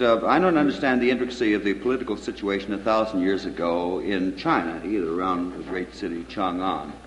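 A man's voice: on the low side, roomy sound, in a large hall, slight background noise, poor audio. A man giving a poetry reading with joking, rambling asides and stumbling restarts.

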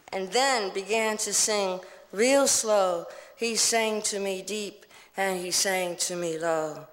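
A woman poet giving a live poetry reading in a slow, measured, rhythmic recitation. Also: on the low side. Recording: long hall reverb.

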